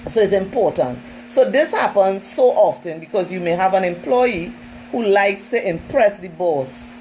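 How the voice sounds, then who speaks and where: A woman's voice: mid-range voice, lively intonation, normal speed, a little mellow, a little hiss or hum, low-quality recording. Emphatic woman trainer giving a talk. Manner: emphatic, conversational, often says "listen" and "you know".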